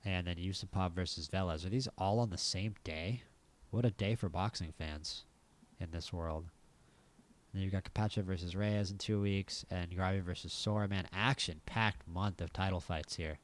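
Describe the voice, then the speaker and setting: Low-voiced American man musing over gameplay. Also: moderate pace. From United States. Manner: thinking aloud, wry asides. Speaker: gaming channel host. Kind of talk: casual gameplay commentary.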